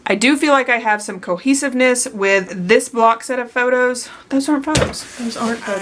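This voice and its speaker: A woman's voice: a little high, moderate pace, noisy background. A woman hosting a scrapbooking channel, recording a casual voice-over full of bloopers, stumbling over her words and correcting herself aloud.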